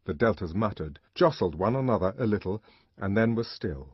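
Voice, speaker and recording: A man reading an audiobook with an expressive, dramatic delivery. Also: lowish voice, normal speed, slightly rough, no room sound. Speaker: audiobook narrator. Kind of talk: audiobook narration. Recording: dull, dry lo-fi recording.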